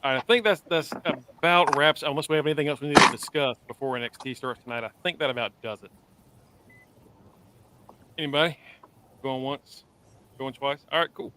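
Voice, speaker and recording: A man's voice: mid-range voice, brisk, pauses often, noisy background. A man in his forties hosting a podcast, talking casually and loosely with lots of fillers. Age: 40s. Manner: loose, rambling, with many fillers. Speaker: podcast host. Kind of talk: casual chat.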